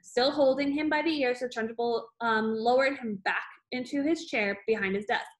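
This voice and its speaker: A woman's voice: fairly high pitch, moderate pace. A woman reading a children's book aloud with an easy, loose delivery. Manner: unscripted-sounding, with fillers and restarts. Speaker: reader.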